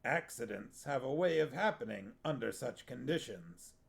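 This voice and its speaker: A man reading aloud, voicing a calm, stern old grandfatherly sorcerer with measured warnings. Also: mid-range voice, gravelly.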